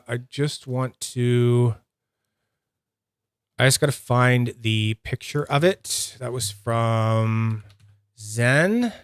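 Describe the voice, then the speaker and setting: Canadian guy with a mid-pitched voice hosting a livestream, loose and self-deprecating, dry sound. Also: dry recording. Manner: rambling, self-mocking, laughs often. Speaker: livestream host reviewing fidget toys. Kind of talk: casual livestream chat.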